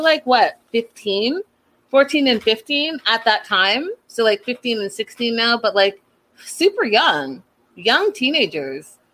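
A woman casually recapping a reality show in a sassy, chatty way, full of quick slangy asides. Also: mid-range voice, a bit bright.

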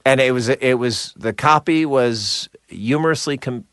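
A middle-aged man from New Jersey, a voice actor, telling stories in a casual interview with crisp, clipped enunciation and a slight Jersey edge. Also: mid-range voice, unhurried, no room sound, studio quality. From New Jersey, USA. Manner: animated storyteller, slips into voices. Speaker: voice actor guest.

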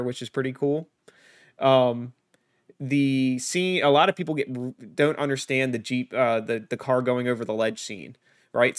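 A man's voice: mid-range voice, no echo, studio quality. Man rambling through a film explanation. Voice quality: rambling, many restarts while explaining. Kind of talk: casual film discussion.

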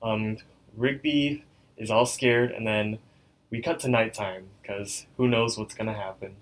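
A man's voice: on the low side, steady tone, unhurried. A young man co-hosting a podcast, chatting casually as he recaps a cartoon episode, with lots of likes and ums. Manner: loose recapping with many fillers. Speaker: podcast co-host.

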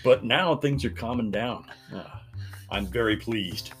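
A man co-hosting a tabletop gaming podcast in casual chat, talkative and quick to laugh. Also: mid-range voice, fairly bright tone, slightly rough, faint music behind. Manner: chatty, laughs often, tells anecdotes. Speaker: podcast co-host.

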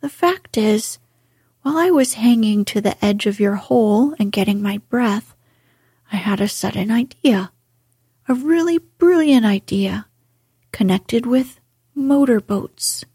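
A woman voicing a boastful but repentant male toad in a soft, breathy whisper. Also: on the high side, expressive, a little slow, no echo, studio quality, heavily acted. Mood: humble.

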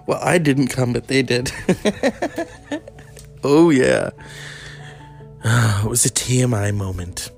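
A host telling a gossipy personal story in casual chat, animated and quoting people. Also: mid-range voice, takes it slowly, vocal fry, long pauses, soft background music. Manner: animated, gossipy, acts out quotes.

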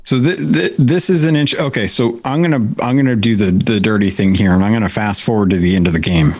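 Man, podcast co-host, low voice, relaxed, dry close sound. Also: fast, slightly rough, no echo. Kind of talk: casual chat.

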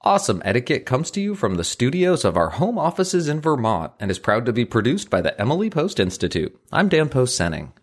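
Measured man co-hosting a podcast. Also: medium pitch, big pitch swings. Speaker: podcast co-host. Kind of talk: casual chat.

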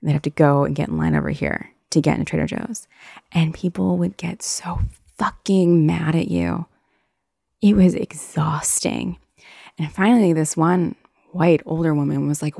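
Young woman, low and gravelly, dry close sound; blunt, frustrated, profane casual talk. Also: moderate pace, a little mellow, no room sound. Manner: frank and exasperated, swears often, trails off with "like". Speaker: former grocery store worker. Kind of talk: casual chat.

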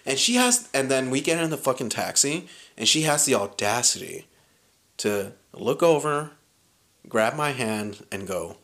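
Speaking at medium pitch and a touch slow, a young man recounts a wild story for a podcast. The chat is loose and full of swearing, and he laughs animatedly as he tells it.

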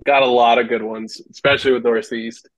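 A man's voice: medium pitch, flat delivery, brisk, fairly bright tone, no room sound, low-quality recording. A man, a former hockey goalie, telling rambling stories as a podcast guest and laughing often. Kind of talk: casual storytelling.

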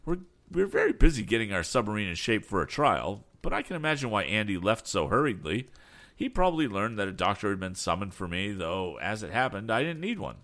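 A man's voice: lowish voice, very animated, a little fast, fairly bright tone. A man reading an audiobook, voicing an eager young male inventor a little above his own voice.

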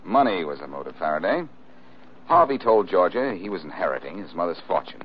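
An actor playing a cool, wisecracking detective in 1940s radio acting style. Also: male voice, low-pitched, lively intonation, fairly quick, husky. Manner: dry, teasing wisecracks. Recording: dull old radio broadcast with faint hiss.

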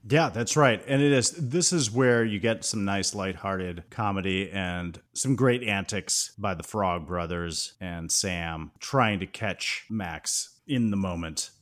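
A man with a somewhat low voice talks through a film's plot in an easygoing podcast chat, with the odd "uh" along the way. His delivery stays loose and conversational. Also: slow, few pauses. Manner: relaxed, conversational summarizing with fillers. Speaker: podcast co-host. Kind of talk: casual film discussion.

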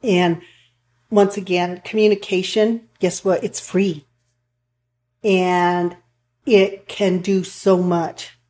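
A woman's voice: fairly low pitch, flat delivery, takes it slowly, pauses often, a little mellow. A woman counselor talking earnestly in a casual chat, rambling a bit with restarts as she tells stories. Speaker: counselor for couples and families.

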